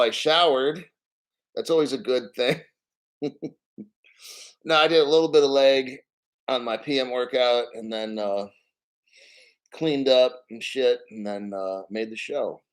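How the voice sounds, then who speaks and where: A man hosting a crypto livestream, chatting casually and rambling, swearing freely and greeting viewers by name. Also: medium pitch. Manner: rambling, profane, reads chat names aloud. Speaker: crypto channel host.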